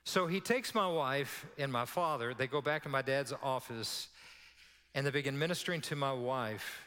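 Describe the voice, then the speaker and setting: Bright-voiced pastor preaching. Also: male voice, medium pitch, moderate pace, big-room sound. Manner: storytelling, animated, drops to a hush for quoted prayer. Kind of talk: sermon.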